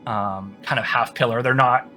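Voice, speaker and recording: A man's voice: mid-range voice, steady tone, normal speed, pushed and bright, soft background music. A man narrating a tabletop role-playing game as dungeon master, casual and full of fillers.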